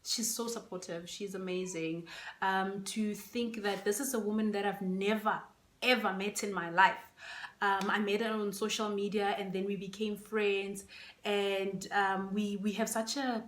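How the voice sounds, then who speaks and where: A woman's voice: mid-range voice, little pitch movement, a little slow, a bit bright, reverberant. A woman vlogger chatting casually to her phone camera, emotional and close to tears, with many fillers. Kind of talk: casual unboxing chat.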